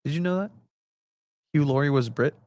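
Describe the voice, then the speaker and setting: A man's voice: a little high, normal speed, a little mellow, no echo, studio quality. A young man co-hosting a casual sports podcast, rambling with lots of fillers and jokes. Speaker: podcast co-host and soccer reporter.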